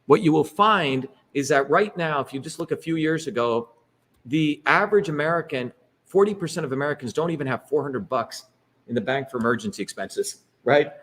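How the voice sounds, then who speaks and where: A man's voice: fairly high pitch, a little fast, fairly bright tone. A middle-aged man giving an emphatic, rhetorical public talk with slides, often checking in with "okay?" and "right?". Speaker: speaker leading a political talk.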